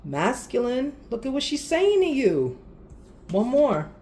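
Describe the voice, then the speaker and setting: Animated woman giving a spiritual reading. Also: high voice, measured pace. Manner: animated, laughing, exasperated asides. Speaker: tarot reader. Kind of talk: casual spiritual reading to viewers.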